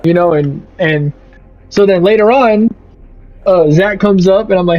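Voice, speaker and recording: A young man streaming a game, telling a profane, animated story about a bad work shift. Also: high voice, normal speed. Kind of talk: casual rant over gameplay. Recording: slightly muffled, faint music.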